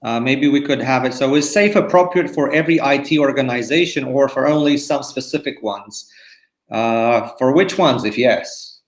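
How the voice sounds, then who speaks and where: Man moderating a webinar in an echoey room. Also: medium pitch. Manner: reads audience questions, brisk.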